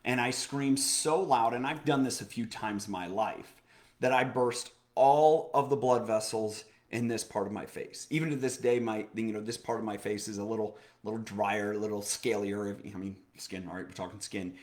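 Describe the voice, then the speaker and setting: A man co-hosting a casual chat show, telling a personal story in a lively, motivational way, with many fillers, restarts and repeated phrases. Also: fairly low pitch, normal speed. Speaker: podcast co-host.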